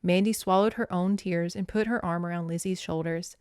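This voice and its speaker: A woman hosting a podcast, reading a children's novel aloud and commenting in a casual, expressive way with swearing. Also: fairly low pitch, brisk, clean tone, no room sound, studio quality. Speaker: podcast host.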